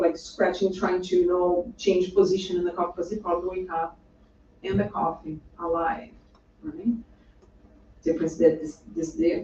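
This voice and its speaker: A spiritual lecturer speaks to the public in a lecture room, keeping things conversational with asides and repeated rhetorical "right?" check-ins to the audience. The voice is mid-range with a dark tone. It's captured as a distant, roomy, dull recording with some faint background noise.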